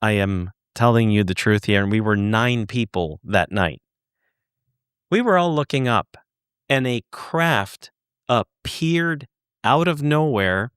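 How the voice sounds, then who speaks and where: A man guest on a podcast, earnestly telling a story, halting and searching for words, swearing for emphasis. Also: medium pitch, a bit bright, clean tone, dry recording, studio quality. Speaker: podcast guest, former UFO investigator. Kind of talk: conversational storytelling.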